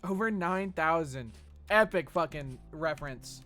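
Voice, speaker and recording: A man's voice: a little high, lively intonation, unhurried, fairly bright tone, faint music behind. A man from Texas streaming a game, rambling and swearing as he reads chat messages aloud and jokes back at them. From Texas, USA. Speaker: gaming streamer. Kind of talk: casual livestream chat while gaming.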